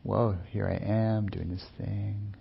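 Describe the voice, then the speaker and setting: A man speaking as a meditation teacher in a soft-spoken, unhurried, musing way, with many pauses. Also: on the low side, level tone, vocal fry, dull audio, slight background noise. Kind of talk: reflective dharma talk.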